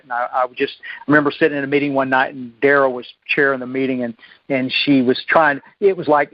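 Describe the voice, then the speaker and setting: A man telling his recovery story at a meeting, folksy and self-deprecating, often halting and restarting his sentences. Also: mid-range voice, no echo. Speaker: recovery speaker. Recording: dull lo-fi dry recording.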